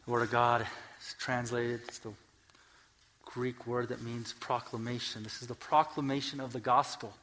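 A man preaching a sermon in a church, swinging between soft, earnest explanation and loud, emphatic peaks as he reads scripture, with joking asides. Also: mid-range voice, flat delivery, moderate pace, a little hiss or hum. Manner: builds scripture lists to loud, emphatic climaxes. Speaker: pastor. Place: church sanctuary.

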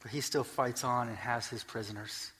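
A man preaching a sermon in a church, swinging between soft, earnest explanation and loud, emphatic peaks as he reads scripture, with joking asides. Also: mid-range voice, steady tone, moderate pace. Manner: builds scripture lists to loud, emphatic climaxes. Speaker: pastor. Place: church sanctuary.

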